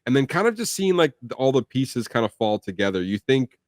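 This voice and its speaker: With a medium-pitched, sing-song voice and a fairly quick pace, a young man co-hosts a film review podcast. His talk is casual and rambling, thick with fillers, "like" and restarts. Studio quality, without room sound.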